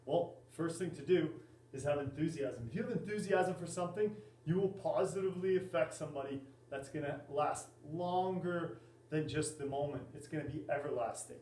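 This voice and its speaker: Man giving a halting class talk. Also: a little high, darkish tone, a little hiss or hum. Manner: halting, many fillers and restarts. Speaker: student presenter and volleyball coach. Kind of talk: class presentation. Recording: echoey room, mic at a distance.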